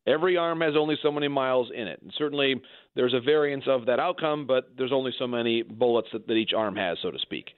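A man giving measured baseball analysis in a conversational way, often restarting his sentences. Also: mid-range voice, clean tone, dry recording. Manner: measured, frequent restarts and repeated words. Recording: dry, phone-like line.

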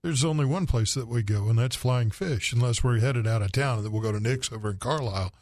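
Radio regular, mid-pitched man, measured talker, dry studio sound. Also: darkish tone, dry recording. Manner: measured, explains at length. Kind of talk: casual radio banter.

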